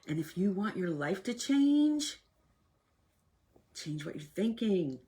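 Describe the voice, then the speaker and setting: Speaking slowly in a medium-pitched, slightly rough voice, a woman gives a casual motivational talk at a self-help workshop. Her animated delivery shifts from loud outbursts to hushed lines that are almost whispered.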